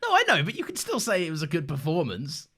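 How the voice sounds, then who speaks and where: A man's voice: a little high, wildly swooping pitch, quick pace, fairly bright tone, husky. A man with an enthusiastic, earnest manner, co-hosting a casual chat reviewing a film. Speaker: podcast co-host.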